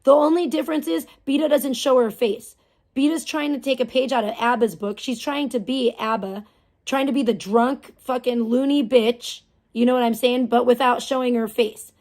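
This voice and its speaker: A woman's voice: on the high side, fairly even intonation, normal speed, a little mellow. Foul-mouthed woman streamer ranting scornfully. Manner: profane, scornful, mocking. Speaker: live streamer. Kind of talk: angry ranting live stream.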